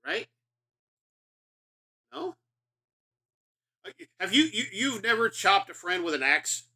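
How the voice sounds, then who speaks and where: A middle-aged man doing casual gameplay commentary, rambling and profane with a self-mocking streak. His voice is slightly high, with a very bright, forceful edge. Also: big pitch swings, fairly quick.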